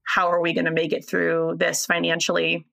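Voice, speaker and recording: A woman's voice: lowish voice, completely flat delivery, moderate pace, gravelly, fairly bright tone. A woman co-hosting a casual chat, reflective and earnest with some wry teasing. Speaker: co-host.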